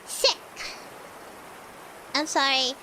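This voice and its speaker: A woman's voice: high voice, very slow, noisy background. A young woman streamer with a lisp, chatting casually and breaking into dramatic outbursts.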